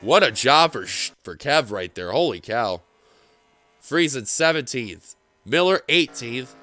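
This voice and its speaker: A man giving play-by-play commentary on a simulated stock car race, getting excitable as the finish nears. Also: mid-range voice, unhurried, no echo. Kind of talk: play-by-play sim racing commentary.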